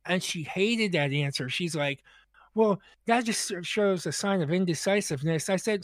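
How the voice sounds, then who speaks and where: A high-pitched man tells a long dating story on a comedy podcast. He stumbles through restarts and acts out what everyone said. His voice sounds dry and close. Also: no echo. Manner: rambling, halting restarts, acts out both sides of dialogue. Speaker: podcast co-host.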